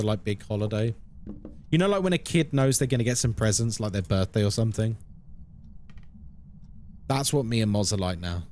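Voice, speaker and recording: A man's voice: medium pitch, a little mellow, slight background noise. A man in his thirties, a live-streamer casually chatting with his viewers and answering chat playfully. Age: 30s.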